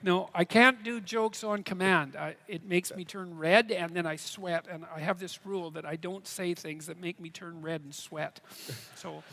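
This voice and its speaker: A man answering questions on stage at a live event, earnest and halting, with many restarts. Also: sits high, fairly even intonation, vocal fry, sharp tone. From Canada. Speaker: guest speaker. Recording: reverberant hall.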